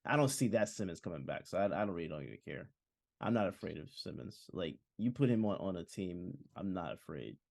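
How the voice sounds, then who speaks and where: A man's voice: low-pitched, very animated, fairly quick, creaky, a little mellow, no echo, clean studio sound. A man co-hosting a sports podcast, laid-back and agreeable, talking casually. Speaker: podcast co-host.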